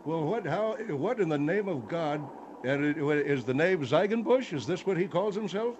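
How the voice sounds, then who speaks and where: A man voicing a slow-to-follow panelist who sputters out confused questions. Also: on the high side, lively intonation, background noise, voice pushed up, close to an everyday voice.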